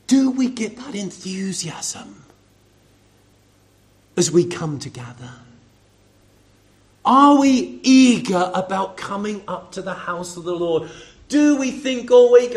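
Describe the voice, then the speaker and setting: Man, preacher, sermon, quite high voice, conversational, asks rhetorical questions. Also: unhurried, fairly bright tone. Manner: conversational, addressing congregation members by name.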